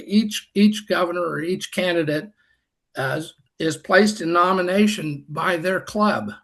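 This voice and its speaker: Older man with a gravelly, bright voice. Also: a little high. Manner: folksy and self-deprecating, with dry humor. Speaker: past district governor. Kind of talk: storytelling talk on a group call.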